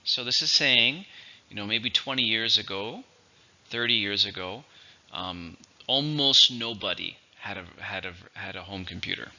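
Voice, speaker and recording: A man teaching English vocabulary, going through each word methodically and repeating it slowly for its syllables and stress. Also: fairly low pitch, pushed and bright, lo-fi sound. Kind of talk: vocabulary lesson.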